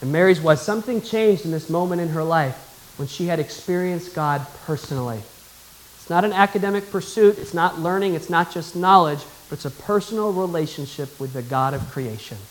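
A man's voice: a little high, fairly quick, rough recording. A male pastor preaching a sermon, emphatic and calling on the congregation to answer back. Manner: emphatic, calls for congregation response.

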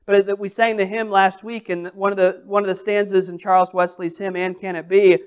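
A man's voice: sits high, flat delivery, moderate pace, clean tone. A man preaching a sermon as pastor, emphatic, with repeated phrases and rhetorical questions.

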